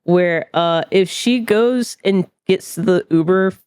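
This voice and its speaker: A man co-hosting a podcast in casual chat, telling stories in a halting way and giggling often. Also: high voice, darkish tone, smooth, dry recording, studio quality. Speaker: podcast co-host.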